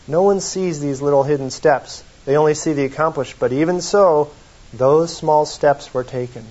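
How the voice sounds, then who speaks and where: A man's voice: on the high side, moderate pace, a little mellow, lo-fi sound. Man preaching in a folksy, conversational tone. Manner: conversational, folksy, reads quotations aloud. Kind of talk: sermon.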